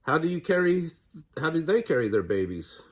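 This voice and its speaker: A small, curious kangaroo boy in a storybook, eager and full of questions, voiced by a grandfather. The voice is raised but keeps a husky grain. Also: a little high, sing-song, brisk, pitched above the performer's own voice.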